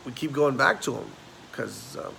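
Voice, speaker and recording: A man's voice: mid-range voice, normal speed, creaky, pushed and bright, a little hiss or hum, low-quality recording. An actor performing a film monologue as a neurotic, self-mocking man just turned forty, who rambles and stammers through repeated words. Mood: rueful.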